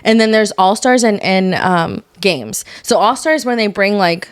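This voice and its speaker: A young woman co-hosting a podcast, chatting casually and gossiping in an animated way, swearing freely and mimicking the people she talks about. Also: medium pitch, measured pace, clear, resonant tone. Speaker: podcast co-host. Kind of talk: casual chat.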